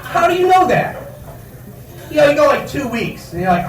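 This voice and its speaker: Rambling high-voiced man hosting comedy. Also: sing-song, normal speed, echoey room, far from the mic, rough recording. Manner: rambling, with many fillers and self-corrections. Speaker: comedy night host. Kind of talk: stand-up comedy. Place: bar comedy stage.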